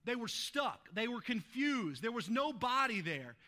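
A man's voice: very high-pitched, big pitch swings, measured pace, bright, forceful tone. A man pastor preaching a sermon, retelling a scripture passage in a conversational way and often adding "right?" to check in with listeners.

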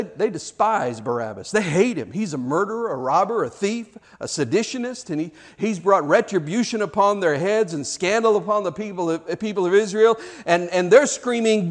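A man preaching a sermon, telling the story dramatically, swinging from loud shouts to hushed, almost whispered lines. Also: high voice.

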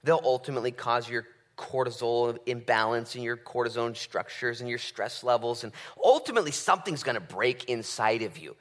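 A man preaching a conversational sermon, swinging from loud bursts to hushed asides. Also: medium pitch, brisk, hardly any pauses. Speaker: pastor.

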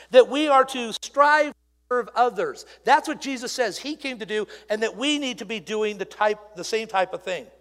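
A pastor with a high voice delivers a sermon in a church sanctuary with lots of reverb. His preaching is conversational and animated, sprinkled with asides.

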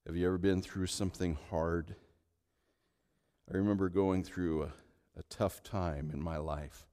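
A middle-aged male pastor preaching a sermon, telling stories in an animated way and repeating words as he goes. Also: low-pitched, a little slow. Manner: animated storytelling, repeats words while speaking. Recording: long hall reverb.

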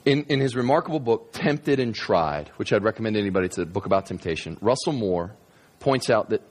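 A man preaching a sermon in a conversational, animated storytelling manner, with many restarts. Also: lowish voice, brisk. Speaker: pastor.

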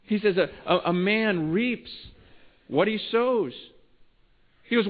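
Guy preaching a sermon, high voice, lots of stutter restarts, sounds like over a phone line. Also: slow. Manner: conversational, repetitive restarts, swings between hushed and emphatic. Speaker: pastor.

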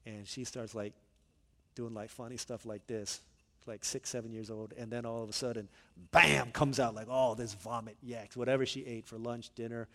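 A man preaching a sermon in a church, telling stories in an animated, conversational way. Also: medium pitch, moderate pace, long reverb tail. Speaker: pastor. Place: church sanctuary.

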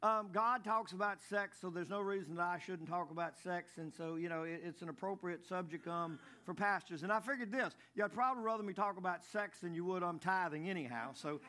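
A man's voice: high voice, brisk, hardly any pauses, sharp tone. A man preaching a folksy sermon, stumbling over and repeating words as he tells jokes. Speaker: pastor.

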